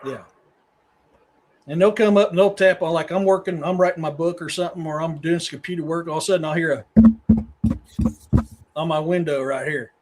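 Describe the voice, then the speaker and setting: A man's voice: fairly high pitch, fairly even intonation, brisk, pauses often, slight background noise. A middle-aged man from Missouri, a podcast guest who tells long rambling stories in casual chat. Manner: rambling storyteller, talks to his dogs mid-sentence.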